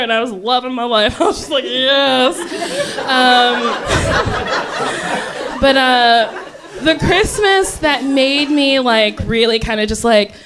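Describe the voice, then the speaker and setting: A woman's voice: on the high side, fairly bright tone. A woman telling a funny story on stage, often breaking into laughter as she talks. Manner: laughs often while talking. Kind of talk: comedic storytelling.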